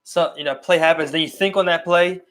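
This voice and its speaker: A man with a Baltimore accent, co-hosting a podcast in casual chat, rambling and restarting his sentences in quick bursts. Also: fairly high pitch, steady tone, a bit bright. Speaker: podcast co-host.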